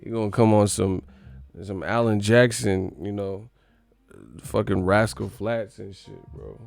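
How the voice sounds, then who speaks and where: A man live streaming in casual chat, animated and slangy, laughing often. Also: fairly low pitch, measured pace, creaky, faint music behind.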